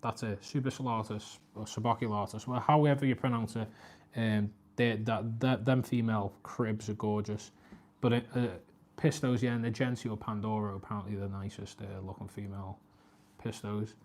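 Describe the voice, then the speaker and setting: A man's voice: flat delivery, normal speed, a little mellow. A man, chatting casually on a live stream, talking to his cat and reading out viewer comments. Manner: chatty, talks to his cat and viewers, voice jumps high when scolding.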